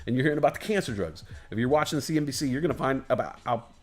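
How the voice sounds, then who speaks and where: A man's voice: medium pitch, lively intonation, racing, darkish tone. A man hosting a livestream, ranting casually with heavy swearing, emphatic repetition and loose digressions. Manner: loose, digressive, chuckles at his own jokes. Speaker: livestream host. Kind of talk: casual rambling rant.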